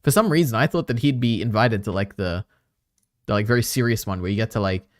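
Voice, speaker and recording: Man, streamer, casual chat, rambling with fillers, lowish voice, dry close sound. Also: quick pace, no room sound. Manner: rambling, many fillers, chatty asides to chat.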